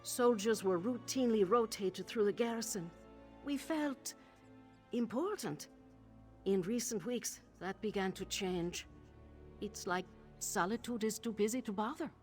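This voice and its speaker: Weary garrison guardswoman, voiced by a woman, video game character, flat uneven delivery, mid-pitched, faint music behind. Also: unhurried, close to an everyday voice. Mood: worried.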